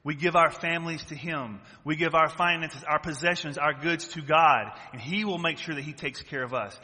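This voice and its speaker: A pastor delivers an emphatic sermon packed with rhetorical questions, his voice on the high side, bright and forceful, at normal speed. A long church-hall reverb surrounds the recording.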